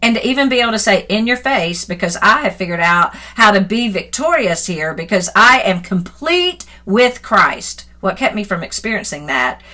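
Bright-voiced woman sharing a devotional. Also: mid-range voice, normal speed, few pauses. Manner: earnest and reflective, grows animated and laughing when retelling a story. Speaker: Christian author. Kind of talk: personal devotional talk. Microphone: phone.

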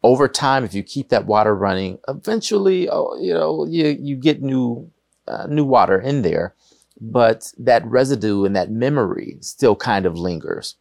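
A man's voice: mid-range voice, animated, moderate pace, gravelly, no room sound, studio quality. A middle-aged man hosting a podcast interview, talking casually and enthusiastically with frequent restarts. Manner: warm, enthusiastic, rambling with restarts. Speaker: podcast host.

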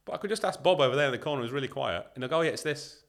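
A man talking as a guest on a podcast interview, emphatic and animated, acting out what other people say as he makes his points. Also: medium pitch, very fast. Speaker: podcast guest, leadership consultant.

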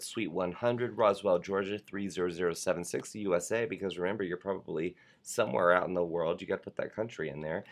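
Low-voiced man hosting a casual chat. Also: fairly bright tone. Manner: rambling, reads viewer postcards aloud. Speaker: talk show host. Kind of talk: casual live show chat.

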